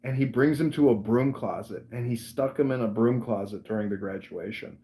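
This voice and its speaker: A man hosting a podcast, telling a story in a casual, animated way and acting out the voices. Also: medium pitch, fairly quick. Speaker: podcast host. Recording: roomy echo.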